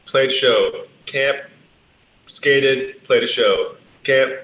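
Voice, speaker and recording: Drawing out his words in a medium-pitched, fairly bright voice, the guest on the podcast spins casual stories. He's laid-back, swears heavily and leans on lots of fillers, and the recording has a roomy feel with faint ambient noise.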